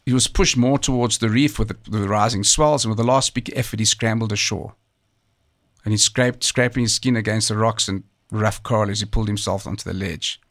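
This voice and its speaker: A man with a fairly low voice narrates a true story documentary-style. He talks in a measured, conversational way, now and then pausing on a filler or restarting a phrase. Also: fairly bright tone. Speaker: storyteller recounting a true survival tale. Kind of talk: documentary narration, partly off the cuff.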